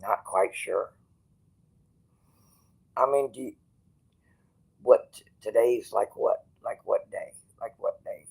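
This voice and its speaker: A man livestreaming from a hospital bed, rambling bluntly and with swearing, going from quiet musing to loud, stubborn outbursts. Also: on the low side, slow pace, vocal fry, long pauses, breathy edge, rough recording. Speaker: streamer.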